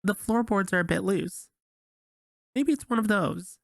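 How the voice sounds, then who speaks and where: A man voicing a sweet-talking but sinister young woman who speaks softly in a raised, gravelly voice. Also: high voice, unhurried, no room sound, studio quality, pitched above the performer's own voice, heavily acted. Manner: sugary, soft-spoken, falsely sweet.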